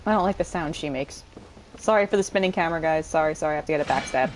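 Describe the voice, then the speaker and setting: A woman gamer casually comments on her gameplay, chatty and joking, with an occasional curse. Her voice is deep and she talks very fast, with music playing behind her on a rough recording.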